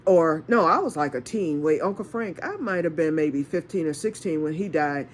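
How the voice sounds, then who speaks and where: A woman's voice: low-pitched, expressive, normal speed, slight background noise. A woman from Michigan telling a rambling personal story in a casual, chatty way, laughing and acting out what people said. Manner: chatty, rambling, laughs often, acts out dialogue. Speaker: storytelling vlogger.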